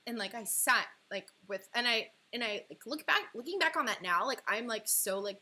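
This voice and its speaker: A woman's voice: fairly high pitch, animated, fast, hardly any pauses, pushed and bright. A young woman in her twenties chatting on a livestream, telling a personal story in a casual, emotional way full of "like". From California. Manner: chatty, heavy use of "like", emotional, breaks into laughs. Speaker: livestream artist and host.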